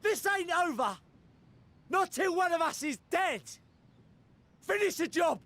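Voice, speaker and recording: An actor playing a hot-headed pirate in a game, shouting threats. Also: male voice, very high voice, animated, a little slow, heavily acted. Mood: furious.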